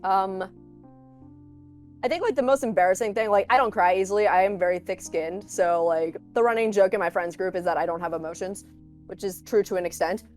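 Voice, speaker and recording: A woman, a content creator, chatting as a guest in a casual interview, telling lively stories and acting out quotes with laughter. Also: mid-range voice, a little fast, faint music behind. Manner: animated storyteller, acts out quotes, laughs often.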